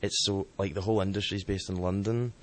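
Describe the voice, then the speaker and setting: A man, the band's bassist, giving measured, hesitant interview answers. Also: fairly even intonation. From Scotland. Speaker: band bassist.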